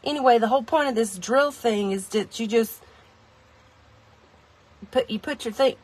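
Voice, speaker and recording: Sitting in her car, a woman reviews a kitchen gadget in a casual vlog, rambling and poking fun at herself as she talks to viewers. Her voice is on the high side and darkish in tone, with a moderate pace.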